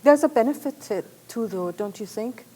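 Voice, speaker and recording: A woman with a mellow, warm voice speaks on a panel. She talks in a thoughtful, articulate way. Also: fairly high pitch, lively intonation, fairly quick. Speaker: panel guest author. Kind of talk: panel discussion.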